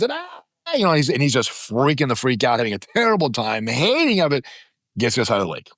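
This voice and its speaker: Guest voice: man in his fifties, lively pitch, dry close studio sound, emphatic storyteller. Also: brisk, dry recording. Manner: emphatic, dramatizes stories with quoted voices. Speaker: podcast guest. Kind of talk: animated storytelling in conversation. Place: podcast studio.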